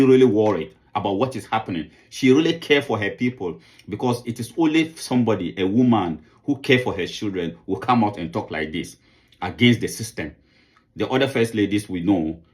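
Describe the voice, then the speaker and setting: A man from Sierra Leone giving impassioned political commentary. He often repeats words while searching for them, then builds to indignant outbursts. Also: fairly low pitch.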